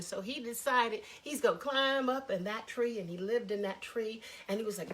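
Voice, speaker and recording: A woman storyteller telling a children's story with lively, chatty asides to her listeners. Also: fairly high pitch, moderate pace.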